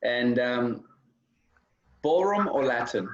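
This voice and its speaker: A man hosts an interview in a mid-pitched voice, moving briskly from one direct question to the next. The recording sounds dull and lo-fi. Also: expressive, a little hiss or hum. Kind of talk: quick-fire interview questions.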